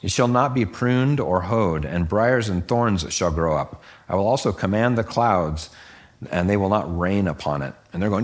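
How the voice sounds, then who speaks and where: Deep-voiced man teaching scripture. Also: normal speed. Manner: conversational, acts out voices of the listeners with lively pitch jumps. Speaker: Bible teacher. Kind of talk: casual Bible teaching.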